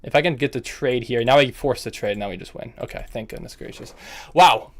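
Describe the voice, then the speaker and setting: A man with a medium-pitched, brisk voice and some vocal fry live-streams his own online chess game. He thinks aloud move by move in half-finished phrases, breaking into bursts of nervous fretting and scolding himself.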